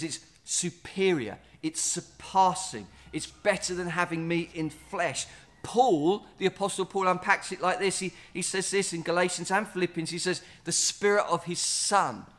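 A man preaching a sermon, earnest, repeating words and slowing down to stress key lines. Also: high-pitched, a bit bright. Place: standing in a building site or venue.

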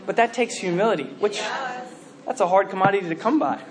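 A male preacher delivering a sermon in a high, light voice. He tells stories animatedly, restarting his sentences and filling the pauses with "you know". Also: crowd noise. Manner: animated storytelling with many fillers and restarts.

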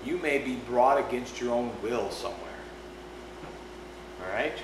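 A man's voice: mid-range voice, a little slow. A man preaching a conversational sermon, often checking in with his listeners. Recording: echoey room with background noise.

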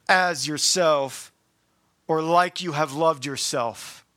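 A man preaching a sermon, emphatic, slowing to stress key phrases, with casual asides and self-corrections. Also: on the high side, sharp tone. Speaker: pastor.

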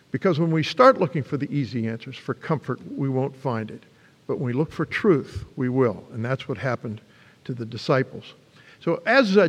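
An older man delivers a sermon with a slightly high, very lively voice that rises and falls as he tells the story. His words ring out with the long reverb of a church hall. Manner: animated storytelling, pitch swings for emphasis. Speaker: preacher.

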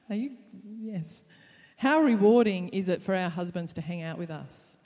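A woman's voice: fairly low pitch, animated, a little slow, dark tone, in a large hall. A woman preaching to wives in a playful, upbeat way, with laughs along the way. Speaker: pastor's wife. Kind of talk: sermon on marriage.

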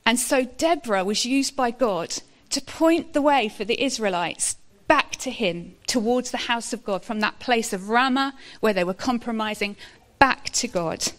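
A woman preaching a sermon in an earnest, measured way. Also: a little high, animated.

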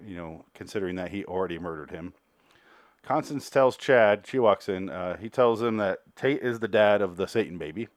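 A man's voice: low voice, moderate pace, no room sound, clean studio sound. A man hosting a solo review podcast, recapping an episode in a rambling, profane, chatty way. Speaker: podcast host reviewing a TV series.

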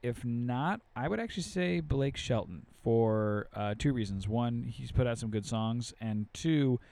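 A man with a mid-range voice hosts a casual podcast chat. He is easygoing and relaxed, and works steadily through lists of nominees. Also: mid-range voice, measured pace, creaky, no echo. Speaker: podcast host.

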